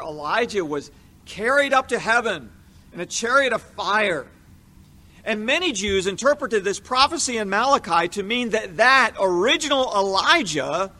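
Man, high voice, bright tone, scripted Bible teaching, measured and explanatory.

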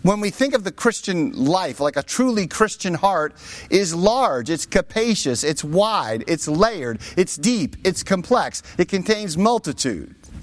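A man preaching a sermon, with rhetorical asides to his listeners. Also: sits high. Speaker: pastor.

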